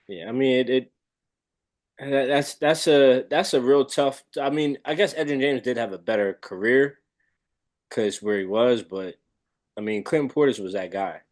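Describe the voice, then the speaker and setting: A man talking football as a guest in a casual chat, relaxed and given to halting restarts. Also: medium pitch. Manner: relaxed, hesitant, repeats words. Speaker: guest analyst.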